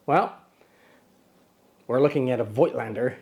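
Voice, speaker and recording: A man's voice: medium pitch, moderate pace, darkish tone. Playful joking man hosting camera chat. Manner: playful, teasing, talks to a little buddy sidekick; loose and rambling, with many ums and self-corrections. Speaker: camera channel host.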